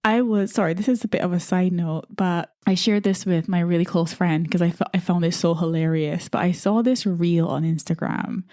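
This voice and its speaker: A woman's voice: lowish voice, steady tone, normal speed, hardly any pauses, mellow, no echo, studio quality. A woman from the Caribbean hosting a podcast, speaking to listeners in an earnest, encouraging, conversational monologue full of "you know" asides. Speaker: podcast host.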